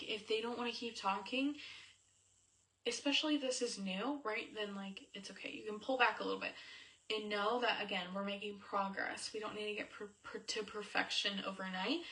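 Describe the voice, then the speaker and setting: A young woman coaches on faith and marriage in a casual, chatty talk to camera, using lots of fillers. Her voice is medium-pitched and a bit bright, and it sounds slightly distant from the mic.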